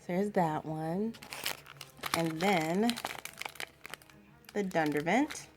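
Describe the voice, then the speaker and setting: A woman's voice: fairly low pitch, very slow, noisy background. A young woman vlogging at home in a casual, rambling chat with lots of fillers.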